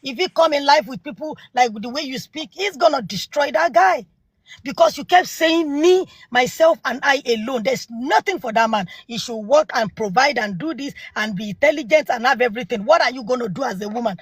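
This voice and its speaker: Brief: woman, 40s, non-native English accent, husky and slightly high voice, dry close sound, emphatic debater. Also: a little fast, no echo. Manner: emphatic and argumentative, repeats rhetorical questions. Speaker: live panel speaker. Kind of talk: heated live-stream debate.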